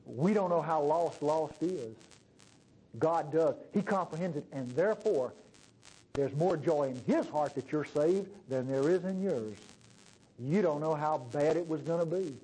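A man's voice: on the high side, a little mellow, poor audio. A male pastor preaching a sermon in a conversational way, often asking the congregation questions.

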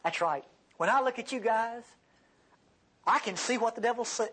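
Husky, animated male Bible teacher. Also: moderate pace. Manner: animated, acts out quoted speech with big pitch jumps; conversational, addresses the class directly.

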